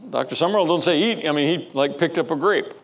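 A man's voice: a little high, quick pace. A man preaching a sermon as pastor, telling a story with frequent stammered restarts.

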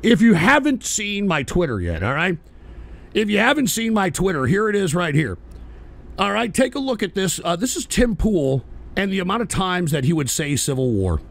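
A male talk show host ranting at his audience in a profane, combative way, often shouting. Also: high voice, very animated, normal speed, gravelly. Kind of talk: live call-in talk show rant.

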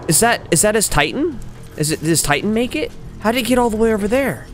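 An excitable young man commentates on a video game he is playing for the first time, in casual slang with sudden yelps. His voice is high and swings widely in pitch, though he talks at a relaxed pace. Loud game music and gunfire sit underneath. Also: normal speed. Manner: excitable, yelping reactions, slangy. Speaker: gaming channel host. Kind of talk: let's play commentary. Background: loud game audio, music and gunfire.

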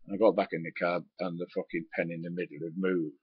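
Deep husky man telling a story. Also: level tone, fast, no echo. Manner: swears casually, many ums and asides. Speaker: former truck driver. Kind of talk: rambling spoken anecdote. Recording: dull lo-fi recording.

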